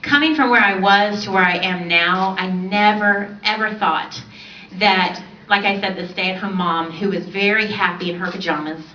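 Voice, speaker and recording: A woman in her forties giving an animated personal testimony on a stage, laughing often as she tells her story. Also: medium pitch, normal speed, a little hiss or hum. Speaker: speaker on stage. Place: large event hall on stage. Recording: roomy distant hall audio, dull.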